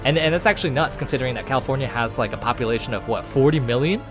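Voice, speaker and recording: Male streamer, mid pitch, very lively delivery, loose rambling talk, light music underneath. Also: very fast. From United States. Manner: rambling, animated, casual swearing, many fillers. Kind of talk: casual chat with viewers while gaming.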